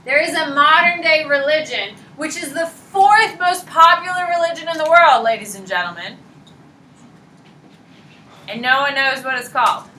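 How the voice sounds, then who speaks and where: Chatty high-voiced woman teaching class. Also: moderate pace, bright, forceful tone, slight background noise. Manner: chatty, informal, self-deprecating. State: short on sleep. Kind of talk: classroom lecture. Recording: roomy classroom echo.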